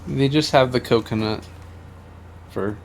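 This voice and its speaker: A man's voice: medium pitch, measured pace, gravelly, a little hiss or hum. A man chatting playfully and teasing his co-streamer during a live game. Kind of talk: casual chat on a game stream.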